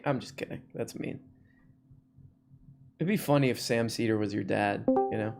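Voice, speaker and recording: A man hosting a casual live stream, joking and playful in quick asides to callers and viewers. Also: lowish voice, vocal fry, over loud music. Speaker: livestream host.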